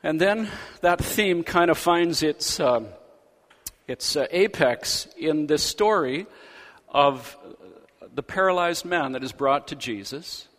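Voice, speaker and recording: Animated preaching man in a reverberant hall. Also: fairly high pitch, slow. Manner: animated storytelling, acting out quoted figures in paraphrase. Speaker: pastor. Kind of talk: sermon.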